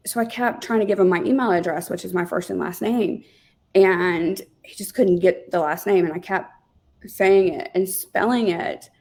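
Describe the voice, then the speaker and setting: A woman telling stories as an interview guest in a chatty, animated way, with lots of fillers. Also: mid-range voice, gravelly. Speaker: guest, real estate team leader. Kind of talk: casual interview storytelling.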